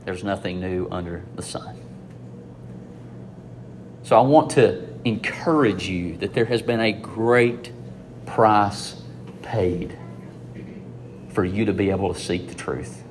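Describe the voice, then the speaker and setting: A man giving an informal, conversational sermon to students, swinging between loud emphasis and hushed asides. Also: fairly low pitch, slow pace, pauses often, background noise. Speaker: preacher addressing students.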